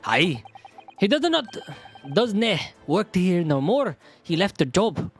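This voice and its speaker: A male streamer voicing an older Scottish prison governor with broad Scots words and a put-on Scottish accent, reading game lines in a grave, measured way. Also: high voice, very animated, breathy edge, soft background music, exaggerated voice. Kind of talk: reading game dialogue aloud.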